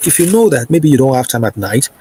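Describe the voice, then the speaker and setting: A man giving a spiritual teaching, coaxing listeners with repeated "okay" and "right" and slowing into declarative prayers. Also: medium pitch, expressive, mellow, a little hiss or hum, rough recording. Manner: slow, declarative prayer lines. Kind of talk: instructional preaching to camera.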